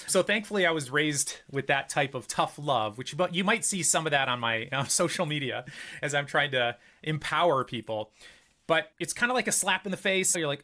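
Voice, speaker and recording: A man with a higher, bright and forceful voice talks through his ideas as a podcast guest. He tells stories in a lively way and acts out the exchanges he quotes. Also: fairly quick. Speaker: podcast guest, financial psychologist. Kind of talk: conversational interview storytelling.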